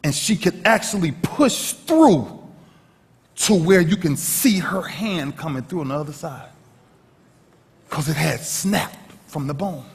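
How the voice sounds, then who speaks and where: High-voiced guy giving a big motivational speech, swoops all over the place, shouts then goes quiet, long hall echo. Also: animated, unhurried, vocal fry, pauses often. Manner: dramatic storyteller, swinging from shouts to hushed lows. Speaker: motivational speaker. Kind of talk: motivational speech to a live audience. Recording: echoey hall reverb.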